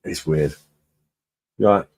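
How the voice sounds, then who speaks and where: Husky low-voiced man chatting. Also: extremely slow, a little mellow. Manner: blunt, sweary, laughs often. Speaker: live-stream beer review host. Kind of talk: casual live-stream chat reading viewer comments.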